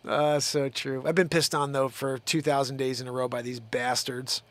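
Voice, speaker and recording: A man's voice: mid-range voice, normal speed, hardly any pauses, no room sound. A man hosting his own show, ranting in a heated, profane, rambling way. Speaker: show host. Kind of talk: live-stream rant.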